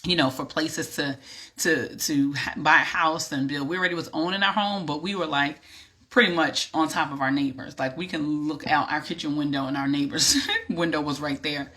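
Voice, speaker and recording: Bright-voiced woman telling her story. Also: deep voice, moderate pace. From New York. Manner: lively, animated storytelling with laughs. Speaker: vlogger and business coach. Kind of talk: casual storytelling to camera.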